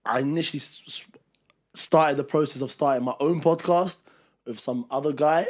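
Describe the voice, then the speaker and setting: A man's voice: on the high side, normal speed, darkish tone. A young man, co-hosting a casual podcast chat and telling a rambling story that acts out what others said. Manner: rambling storyteller who acts out quoted dialogue. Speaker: podcast co-host.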